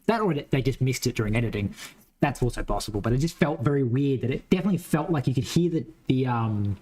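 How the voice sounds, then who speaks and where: A man from Western Australia with a mild local accent chats casually while coding. He's a game developer thinking aloud, rambling and swearing now and then, his medium-pitched voice fast, lively in intonation and a little mellow.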